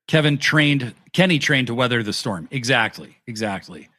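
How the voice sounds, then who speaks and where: Bright-voiced man, animated chatter. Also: medium pitch, moderate pace. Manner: excited, swears freely, acts out quotes. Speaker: podcast co-host. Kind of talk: casual wrestling review chat.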